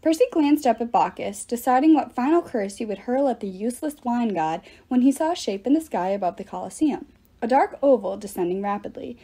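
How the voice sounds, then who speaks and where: Audiobook reader: woman, expressive, slightly high, breathy. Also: a little fast. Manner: lively, expressive narration. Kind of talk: reading a novel aloud.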